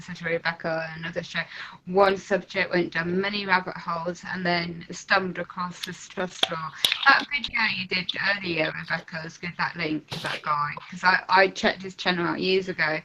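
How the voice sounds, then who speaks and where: A woman's voice: fairly low pitch, sharp tone, dull audio, a little hiss or hum. A woman calling in to a live talk show, chatting in a rambling way with lots of fillers and asides. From United Kingdom. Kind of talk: casual chat.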